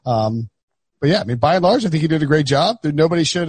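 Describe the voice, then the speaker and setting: A man's voice: a little high, animated, breathy edge, no room sound. A man hosting a football podcast, rambling and joking with his co-hosts. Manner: joking, rambling, quick to laugh. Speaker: podcast host. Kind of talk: casual chat.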